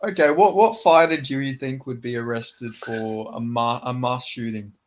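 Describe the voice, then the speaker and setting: A man's voice: medium pitch, moderate pace. A man co-hosting a podcast in casual, rambling chat, swearing and restarting a lot. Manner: rambling, profane, restarts often. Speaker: podcast co-host.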